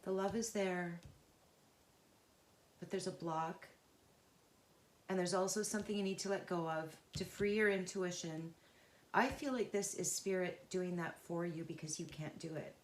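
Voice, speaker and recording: A woman giving an unscripted, intuitive tarot reading, earnest and emotionally involved, talking in a halting, searching way with pauses and restarts. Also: fairly low pitch, reverberant. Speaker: tarot reader.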